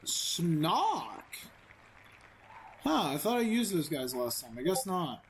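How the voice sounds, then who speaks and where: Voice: mid-range voice, sing-song, slow, slight background noise, poor audio. A gaming video creator giving casual let's-play commentary, rambling and self-amused, with many fillers.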